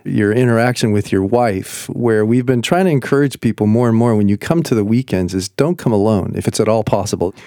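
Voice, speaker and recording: A man's voice: fairly low pitch, brisk, hardly any pauses, dark tone, no echo, clean studio sound. A man hosting a casual talk, earnest and encouraging, often affirming his guest. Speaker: host. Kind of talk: casual talk show chat.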